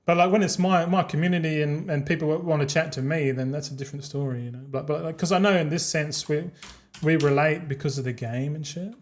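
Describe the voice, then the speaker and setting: A man's voice: fairly high pitch, fairly quick. An Australian man in his thirties chatting casually while streaming a game, rambling and swearing freely with frequent laughs.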